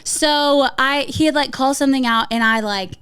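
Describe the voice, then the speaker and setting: A young woman telling a lively story in casual podcast chat, swearing freely and acting out what people said. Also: high-pitched, moderate pace, smooth, low-quality recording. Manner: animated storyteller, swears freely, acts out quotes.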